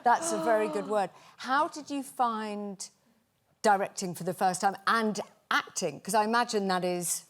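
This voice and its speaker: A woman's voice: mid-range voice, normal speed. A woman hosting a chat show from a TV studio, asking questions and murmuring agreement. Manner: attentive, short prompts and murmured agreement. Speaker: talk show host. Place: TV studio with live audience.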